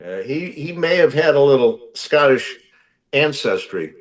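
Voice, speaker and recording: Slow, measured man telling a story. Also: mid-range voice, animated, recorded from a distance. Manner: measured, pausing with fillers. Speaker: guest telling a celebrity story.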